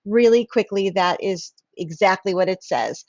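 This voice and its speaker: A woman's voice: mid-range voice, expressive, moderate pace, darkish tone, no room sound, dull audio. A woman instructional coach giving a casual professional development talk to teachers, full of fillers and restarts. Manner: hesitant, many fillers and restarts.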